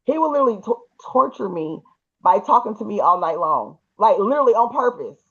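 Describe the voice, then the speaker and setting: A woman telling a personal story in a casual, animated and emphatic way, with colloquial speech. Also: mid-range voice, a little fast, husky, dull audio.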